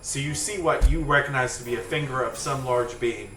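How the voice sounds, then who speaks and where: A man narrating a tabletop fantasy game as game master, in a casual, halting way. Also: medium pitch, sharp tone. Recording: echoey room, distant mic, faint music.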